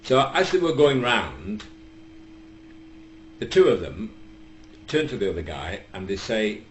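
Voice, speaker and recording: An older man with a Northern English accent telling a long, rambling comic story, deadpan and full of hesitations. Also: lowish voice, normal speed, long pauses. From England. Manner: deadpan, digressive, lots of hesitations. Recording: echoey room with faint background hum.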